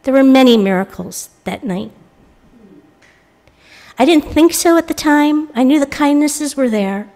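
An American woman intern minister giving a reflective sermon, telling a personal story and voicing the people in it with lively quoted lines. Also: sits high, a little slow, pauses often. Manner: reflective, animated when quoting others. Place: church sanctuary.

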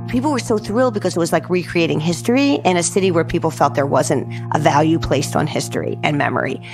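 A middle-aged woman from New Jersey, a guest telling stories in an animated, chatty way, often saying "like". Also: low-pitched, fast talker, music in the background. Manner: lively, says "like" often, acts out quoted dialogue. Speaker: guest, public art director. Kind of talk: animated storytelling in casual chat.

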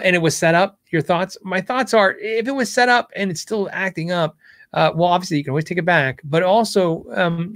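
A man's voice: high-pitched, fairly bright tone, no room sound, studio quality. A middle-aged man hosting a casual live Q&A show, explaining guitar setup in a conversational way as a guitar tech.

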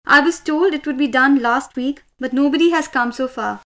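A woman's voice: sits high, normal speed, fairly bright tone. A woman with an Indian English accent playing an annoyed customer complaining about a missed free service. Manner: complaining, indignant.

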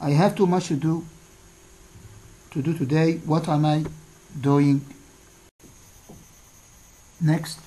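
Slow, deliberate woman teacher. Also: sits low, fairly even intonation, dark tone, poor audio. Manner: slow, deliberate, pausing after each answer. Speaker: English teacher. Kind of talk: classroom lesson, reading exercise answers aloud.

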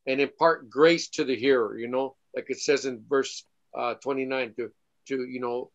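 A man in a casual church discussion, speaking hesitantly and pausing on fillers as he searches for words. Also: medium pitch, steady tone. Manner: hesitant, many fillers and restarts. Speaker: Bible study participant. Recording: dull lo-fi sound.

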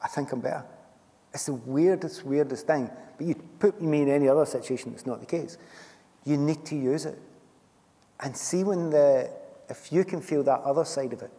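Middle-aged Scottish man, warm low-toned voice, chatty storyteller on a hall stage. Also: normal speed. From Scotland. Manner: chatty, storytelling, laughs often. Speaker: guest author. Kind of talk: stage conversation at a book festival. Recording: long hall reverb from a festival stage.

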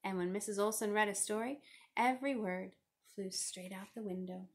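Woman, picture-book read-aloud, expressive, lively storytelling. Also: medium pitch, normal speed. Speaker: reader.

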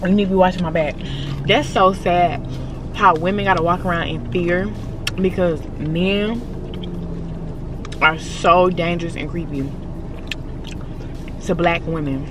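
A woman's voice: lowish voice, fairly even intonation, unhurried, pauses often. A woman vlogging casually from her car on a long road trip, talking to herself and her dog with lots of swearing. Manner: chatty, profane, talks to herself and her dog. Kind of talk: casual driving vlog. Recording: dull lo-fi audio with loud road noise.

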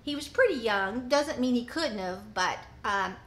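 A woman's voice: a little high, expressive, unhurried. A woman vlogger telling an indignant story, acting out both sides of a phone call. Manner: indignant, re-enacts phone conversations. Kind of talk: animated storytelling.

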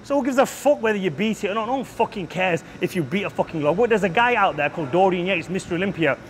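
Brash swearing gym coach. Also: male voice, high voice, animated, quick pace, a little hiss or hum. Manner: brash, profane, lecturing. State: out of breath between sets. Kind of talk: blunt gym tutorial with heavy swearing.

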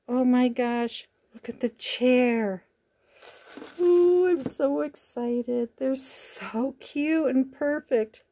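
A woman's voice: on the high side, slow, warm tone. A woman vlogger chatting casually to her viewers as she unboxes a parcel, gasping and gushing with delight and calling things cute. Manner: gushing, gasps often with delight. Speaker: crafting vlogger.

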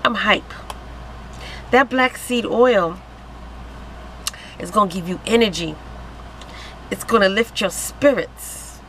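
A woman vlogging to camera in an excited, giddy way, exclaiming and laughing. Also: mid-range voice, takes it slowly, pauses often, slight background noise, low-quality recording. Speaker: vlogger selling wellness products. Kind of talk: excited casual vlog to camera.

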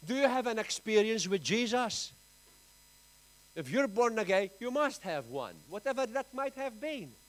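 A man with a Maltese accent preaching a sermon in church, emphatic, with big swings in pitch and loudness. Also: big pitch swings, moderate pace, rough recording. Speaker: pastor.

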